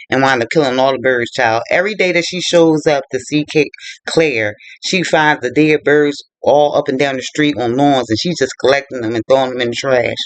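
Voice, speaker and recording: Animated man retelling a book plot. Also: mid-range voice, dry recording. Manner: animated colloquial storytelling. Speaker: book reviewer.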